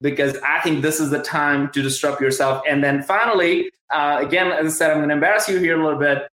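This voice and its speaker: A man's voice: a little high, a little fast, a bit bright, echoey room, rough recording. An enthusiastic man with a Southern US accent hosting a live-streamed interview, talking in rambling bursts with many restarts. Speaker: host.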